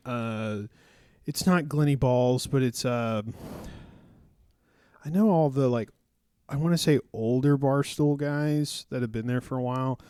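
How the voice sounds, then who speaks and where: A man's voice: medium pitch, a little mellow, clear, resonant tone, no echo, clean studio sound. A man co-hosting a podcast in casual chat, rambling and laid-back and laughing often. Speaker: podcast co-host. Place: podcast studio.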